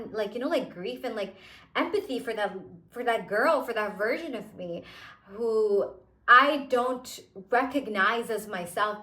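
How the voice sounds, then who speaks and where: A woman's voice: mid-range voice, a bit bright, roomy sound. A young adult woman speaking as a manifestation coach in an earnest, emphatic casual monologue, full of "like" and "you know".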